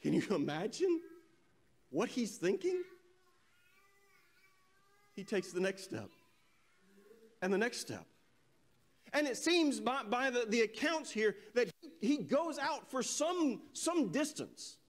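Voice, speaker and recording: A male preacher giving a sermon, telling a scripture story with animated delivery and reading verses slowly and solemnly. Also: very high voice. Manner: animated storytelling, voices quoted characters.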